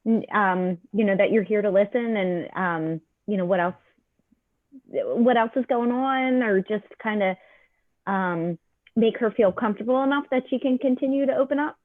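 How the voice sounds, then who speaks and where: A woman's voice: medium pitch, normal speed, no echo, narrow, tinny audio. A woman taking part in a webinar, answering and asking questions hesitantly, with many fillers. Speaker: webinar participant. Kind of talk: casual discussion.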